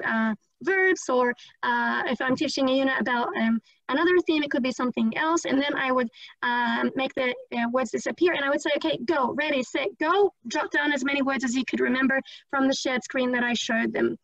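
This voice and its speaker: A woman teacher giving an online training talk, quick and chatty, with many fillers and restarts. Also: high voice, vocal fry, fairly bright tone, no room sound. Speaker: English teacher presenting at a conference. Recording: dry, slightly dull lo-fi audio.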